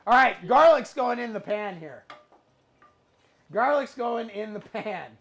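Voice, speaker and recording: A woman's voice: on the high side, expressive, unhurried. Playful woman hosting a cooking stream. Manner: playful, talks through each cooking step. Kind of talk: casual cooking stream chat.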